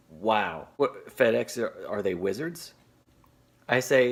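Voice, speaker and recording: A man's voice: lowish voice, animated, takes it slowly, breathy edge. A man telling a story to camera as a video blogger, sarcastic and exasperated.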